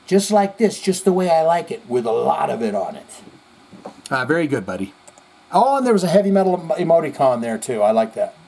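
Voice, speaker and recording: A male podcast host reading viewer comments in casual, rambling commentary, animated and profane, jumping between loud outbursts and mutters. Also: a little high, a little fast, gravelly, slight background noise. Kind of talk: casual live-chat commentary.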